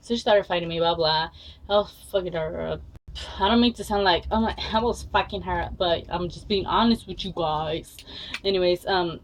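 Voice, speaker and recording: A woman's voice: on the low side, normal speed, slight background noise, rough recording. A young woman telling a story in a casual vlog, blunt and full of swearing and fillers. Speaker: vlogger.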